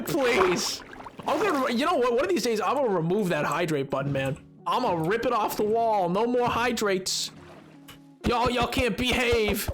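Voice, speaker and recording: A man's voice: very high-pitched, a bit bright. A man streaming a game live, chatting casually with his viewers in a rambling way and laughing often.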